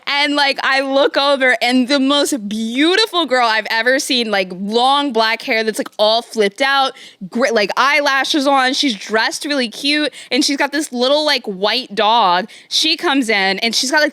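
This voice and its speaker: A woman in her thirties co-hosting a podcast, telling a long story in an animated, casual way, full of "like" and swearing. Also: fairly high pitch, normal speed, few pauses, clear, resonant tone, no room sound, studio quality. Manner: animated, heavy on "like", swears freely. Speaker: podcast co-host.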